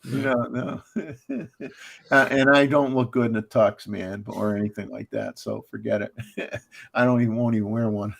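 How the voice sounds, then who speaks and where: A man's voice: medium pitch, steady tone, moderate pace, gravelly. A man hosting a casual livestream chat, rambling with lots of fillers and restarts and chuckling often. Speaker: livestream host.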